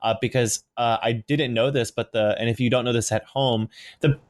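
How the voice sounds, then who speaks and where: Halting man chatting about a game. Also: medium pitch, steady tone. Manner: halting, stumbles and repeats words. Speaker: podcast co-host. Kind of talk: casual game chat.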